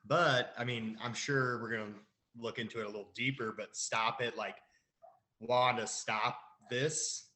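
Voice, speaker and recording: A man's voice: mid-range voice, fairly even intonation, a little slow, bright, forceful tone. A man co-hosting a casual recap chat, quoting lines and laughing as he goes. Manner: laughing, quotes lines with a grin. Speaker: podcast co-host.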